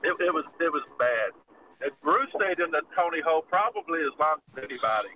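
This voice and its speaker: A man co-hosting a casual chat, telling a story with animated energy and frequent laughter. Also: fairly high pitch, brisk, distant mic, slight background noise, poor audio. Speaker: podcast co-host.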